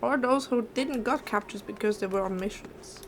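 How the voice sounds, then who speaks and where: A woman's voice: fairly high pitch, normal speed, a little hiss or hum. A woman streamer giving casual gameplay commentary, speaking emotionally and often repeating herself.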